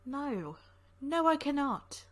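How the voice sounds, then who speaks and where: A woman voicing a calm, wry male doctor in a crow mask, with an attempted Australian accent, as she reads a visual novel aloud. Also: sits high, takes it slowly, voice pushed up, heavily acted. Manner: calm, wry, mildly teasing. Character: mysterious male crow-masked town doctor, calm and dry. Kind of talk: voice acting while reading a visual novel.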